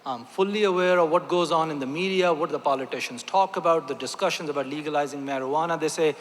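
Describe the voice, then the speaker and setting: A man's voice: on the high side, fast. A man, a doctor, giving a motivational talk to a gathering, emphatic and repeating key phrases with rhetorical questions. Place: large hall with audience. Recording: echoey hall.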